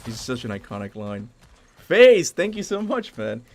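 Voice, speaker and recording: A man's voice: medium pitch, very animated, normal speed, a little mellow, slight background noise. A young man streaming a video game, chatting casually and rambling, often correcting himself and laughing. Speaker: gaming streamer. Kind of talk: casual live commentary over gameplay.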